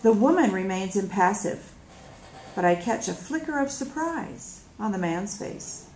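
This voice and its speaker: A woman reading a novel aloud in first person, slow and measured. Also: medium pitch, animated, darkish tone. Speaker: reader. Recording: echoey room with faint noise.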